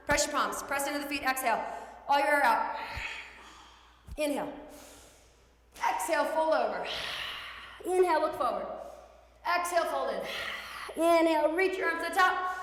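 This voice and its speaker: A woman teaches children yoga in a bright, high voice, giving encouraging cues and playful animal prompts. Her voice rings around a roomy studio with a long reverb tail. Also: slight background noise. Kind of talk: guiding a kids' yoga class. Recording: echoey room with long reverb.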